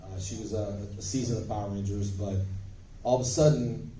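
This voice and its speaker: A man telling stories as a guest on a convention panel, in an animated, emphatic way with bursts of volume, recorded on a phone from the audience. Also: fairly low pitch, brisk, noisy background. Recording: echoey hall, phone from far off.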